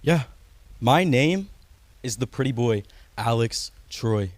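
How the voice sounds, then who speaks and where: A man's voice: mid-range voice, expressive, slow pace, dry recording. A man cutting an in-character wrestling promo as a wrestler, cocky, vain and taunting.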